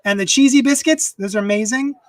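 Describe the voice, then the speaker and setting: A man's voice: very high voice, a little fast, dry recording, rough recording. A man casually chatting on a live stream from his home desk, rambling and reading viewer comments aloud into a desk microphone. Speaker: comics unboxing streamer.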